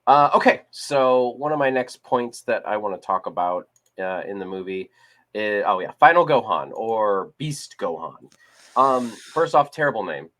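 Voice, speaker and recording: A man's voice: lowish voice, expressive, normal speed, a bit bright. A man co-hosting a casual discussion podcast, talking in a rambling way with many restarts and fillers. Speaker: podcast co-host. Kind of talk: casual chat.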